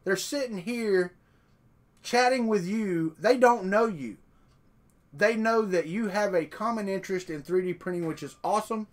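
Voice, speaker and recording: A man's voice: high voice, moderate pace. A man hosting a live stream, chatting casually in a folksy, rambling way. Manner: folksy, rambling, talks off the cuff.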